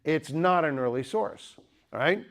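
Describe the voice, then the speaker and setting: Brief: male speaker, lively lecture style, quizzes the room, cracks jokes. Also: on the high side, unhurried. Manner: lively, joking, asks the audience questions. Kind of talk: apologetics lecture.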